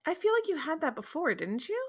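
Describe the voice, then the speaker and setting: A woman's voice: high-pitched, sing-song. A woman podcast co-host in casual chat, joking and reacting to her friend's story. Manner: joking, quick to laugh.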